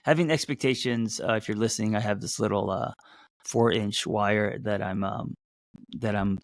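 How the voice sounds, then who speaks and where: A man who hosts as a therapist, talking loosely to a live audience, with many fillers and restarts, and a voice that sometimes jumps up high. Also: flat delivery, normal speed, vocal fry. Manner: voice jumps up in pitch at times. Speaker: therapist and podcast host. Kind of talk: casual live-stream talk.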